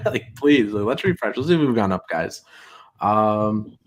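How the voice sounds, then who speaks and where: A man's voice: big pitch swings, unhurried, slight background noise. Casual male streamer chatting. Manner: reads tweets aloud in mocking high voices, laughs often. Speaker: streamer host. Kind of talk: casual livestream chat.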